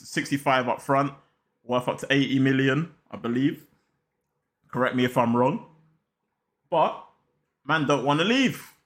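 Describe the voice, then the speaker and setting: Hyped young football vlogger. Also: male voice, medium pitch, fairly bright tone. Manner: slangy, hyped, talks straight to viewers. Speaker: football channel host. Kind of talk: casual football vlog chat.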